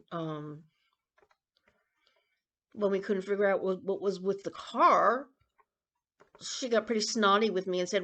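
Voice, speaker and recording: A woman in her sixties rambling and confiding in a casual personal vlog, with coughs and throat-clearing. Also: mid-range voice, fairly bright tone. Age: 60s. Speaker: vlogger.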